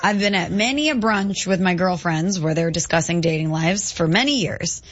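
A woman's voice: fairly low pitch, normal speed. A woman co-hosting a sports radio show, pushing back on her co-hosts with dry skepticism in casual banter. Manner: argumentative, dryly skeptical. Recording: dull lo-fi radio broadcast.

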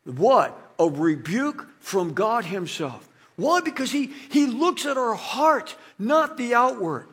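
A male preacher with a very high, husky voice delivers a sermon. He reads scripture dramatically and slips into lively, animated asides. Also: takes it slowly.

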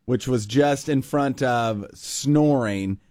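A man's voice: medium pitch, slow, darkish tone, no room sound, studio quality. A man co-hosting a radio show in casual banter, playful as he counts down a list.

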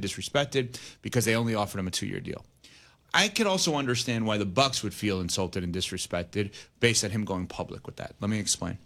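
A man's voice: lowish voice, fairly bright tone. A man hosting a sports talk radio show, arguing his points emphatically and weighing both sides.

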